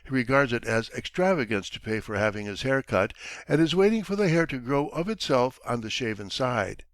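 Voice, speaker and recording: A man narrating a classic short story in a measured audiobook reading. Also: medium pitch, expressive, no echo. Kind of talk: scripted narration.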